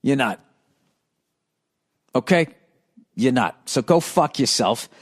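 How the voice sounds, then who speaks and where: A man's voice: medium pitch, lively intonation, slow pace. A middle-aged man hosting a podcast, ranting sarcastically and profanely about cyclists while reading listener letters. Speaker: podcast host.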